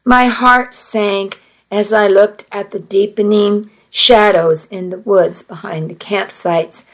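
Slow woman reading a first-person story. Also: medium pitch, fairly even intonation, poor audio. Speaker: narrator.

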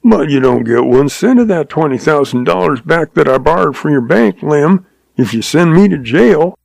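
A man voicing a shrewd old cowboy who talks in a slow, patient, folksy drawl. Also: a little high, animated, creaky, darkish tone, no room sound, voice pushed up. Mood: patient, sly. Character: shrewd old cowboy, calm, sly, chuckling.

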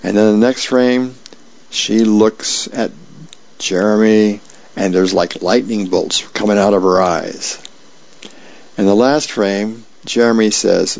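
A man reading newspaper comics aloud as a volunteer reader, in a plain, unhurried way with small slips. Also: on the low side, fairly even intonation, gravelly, darkish tone, no echo. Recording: dull lo-fi radio recording.

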